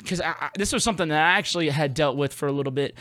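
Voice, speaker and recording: A young man hosts a casual podcast in a bright, slightly raised voice. He sounds laid-back and slangy and swears freely. The recording is dry and close. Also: a little high, racing, no echo. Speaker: podcast host.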